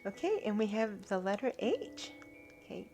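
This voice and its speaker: A woman giving a spiritual tarot reading in a soft, earnest way, now and then dropping to a hushed whisper. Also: medium pitch, very animated, normal speed, soft background music. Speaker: tarot reader.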